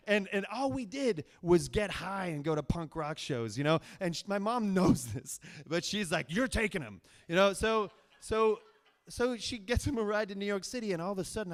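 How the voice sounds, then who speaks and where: A man from Virginia telling a personal story on stage, rambling with many fillers and restarts and poking fun at himself. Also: a little high. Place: stage of a cultural center, live audience.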